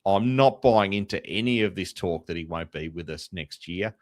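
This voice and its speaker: A man's voice: low-pitched, normal speed, dry recording. An Australian man hosting a casual sports podcast, chatty and openly a fan. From Tasmania, Australia. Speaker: podcast host.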